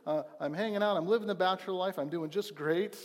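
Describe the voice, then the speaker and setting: A pastor putting on a whiny, blaming Adam. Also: male voice, quick pace, long reverb tail, natural voice. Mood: complaining. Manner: excited, complaining, higher-pitched. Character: whiny, defensive young man Adam blaming God.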